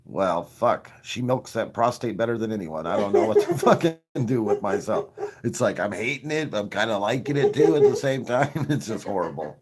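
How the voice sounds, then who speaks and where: A man's voice: lowish voice, animated, moderate pace, very noisy. A man telling crude, self-mocking stories on a live stream, laughing at his own jokes between coughing fits. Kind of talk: crude comic storytelling.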